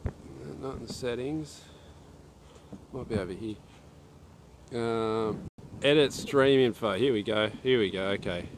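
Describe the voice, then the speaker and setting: A man's voice: mid-range voice, a little slow, pauses often, noisy background. An Australian man chatting casually on a livestream, rambling and talking to himself and his viewers. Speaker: archery livestreamer.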